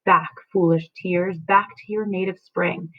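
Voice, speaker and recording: A woman reading aloud as an anguished teenage girl torn between love and grief, delivering verse dramatically and slowing on key words. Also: lowish voice, fairly even intonation. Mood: grieving. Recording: tinny phone-like sound.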